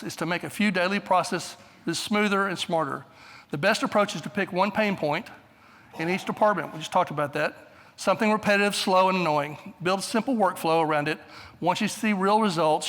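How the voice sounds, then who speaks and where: A man's voice: high-pitched, fairly bright tone, long reverb tail. A man in his sixties giving a conference presentation, blunt, straightforward and brief in manner. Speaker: conference speaker. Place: large conference hall.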